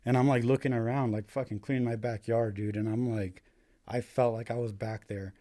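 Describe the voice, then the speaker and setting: This young adult paramedic from the United States shares his story as a guest in brisk, foul-mouthed, casual speech heavy on "dude" and "like." His medium-pitched voice is dark in tone with fairly even intonation.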